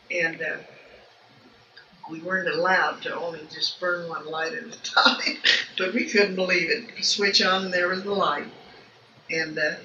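An older woman recalling her family life in an oral history interview, rambling and folksy, with many restarts. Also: fairly low pitch. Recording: distant, echoey, dull and noisy home recording.

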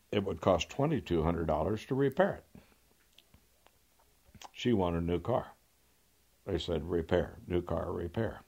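Older male lawyer, raconteur, deep husky voice, dry wit, throat-clearing. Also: darkish tone. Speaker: trial lawyer. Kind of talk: anecdotal storytelling.

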